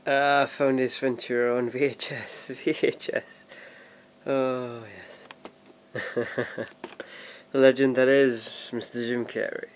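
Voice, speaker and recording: Young guy, home vlogger, rambling and self-mocking, mid-pitched voice, faint room noise. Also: level tone, slow, long pauses. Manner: chatty, self-deprecating, laughs often, many restarts. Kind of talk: casual rambling vlog chat. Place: at home sorting DVDs.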